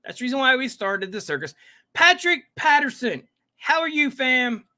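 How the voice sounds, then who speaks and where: A man's voice: very high voice, sing-song, normal speed, pushed and bright. A man hosting a casual live reaction stream, chatting with viewers and greeting them by name, rambling with frequent self-interruptions. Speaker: livestream reaction host.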